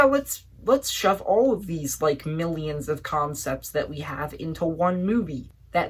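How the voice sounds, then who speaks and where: Husky-voiced woman reviewing a movie. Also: lowish voice. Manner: emphatic and exasperated, with frequent "like" and repeats. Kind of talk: casual spoken movie review.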